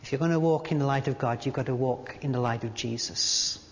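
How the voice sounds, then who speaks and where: A man preaching a sermon in a church, halting at times with fillers and restarts, and reading aloud from a book. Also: mid-range voice. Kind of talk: sermon with a read-aloud story. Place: church hall. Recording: dull sound in a large reverberant hall.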